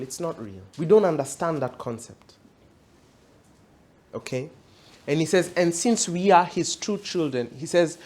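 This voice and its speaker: A man's voice: fairly high pitch, a little mellow. Emphatic man preaching a sermon. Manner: emphatic, repeats questions to the audience. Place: church event hall.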